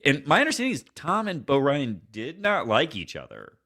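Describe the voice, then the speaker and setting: A man's voice: on the high side, huge pitch swings, normal speed, sharp tone. A man co-hosting a casual sports podcast, making dry, wry remarks. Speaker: podcast co-host.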